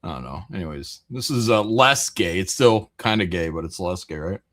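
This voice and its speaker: A man's voice: low-pitched, expressive, normal speed, fairly bright tone. A man hosting a casual live stream, rambling through chat messages with frequent jokes, laughs and swearing. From American Midwest.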